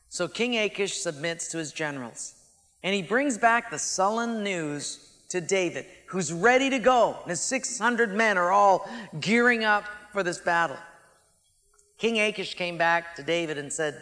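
A male preacher delivers a sermon in a high, bright voice, shifting from loud emphasis to quiet, slow lines. His voice rings with a long reverb from a large hall. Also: animated. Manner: dramatic, swings from loud to hushed.

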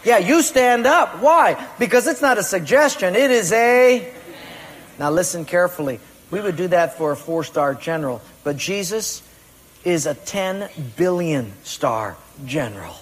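A man preaching a sermon with emphatic delivery, acting out excuses and commands and rising to loud peaks. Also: high-pitched, expressive, measured pace, big-room sound, slight background noise. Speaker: pastor.

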